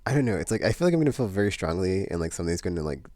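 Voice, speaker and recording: A man's voice: low-pitched, very animated, rapid-fire, a little mellow, no echo. A man vlogging in a casual, meandering chat, full of fillers and restarts.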